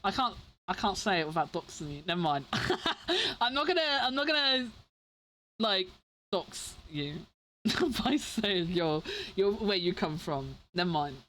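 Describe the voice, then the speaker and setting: A woman's voice: medium pitch, big pitch swings, measured pace, fairly bright tone. A young woman with an English accent, chatting casually with her stream viewers in a rambling way, full of fillers and restarts. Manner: rambling, filler-heavy, self-interrupting.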